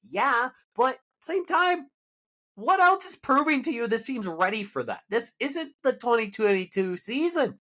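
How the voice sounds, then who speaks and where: Male co-host, lively swooping pitch, jokey exasperated fan banter. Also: measured pace. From Canada. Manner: animated, jokey, exasperated rants. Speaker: podcast co-host. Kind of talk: casual sports chat.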